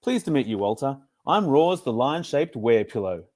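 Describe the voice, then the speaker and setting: A man's voice: medium pitch, very animated, normal speed, darkish tone. A man voicing a cheeky, joking male pillow lion in a storybook reading. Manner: playful, joking.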